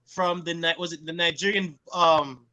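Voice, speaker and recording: A man's voice: on the high side, steady tone, moderate pace, highs cut off, crowd noise. A man co-hosting a wrestling podcast in casual chat, enthusiastic, often repeating himself. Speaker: podcast co-host.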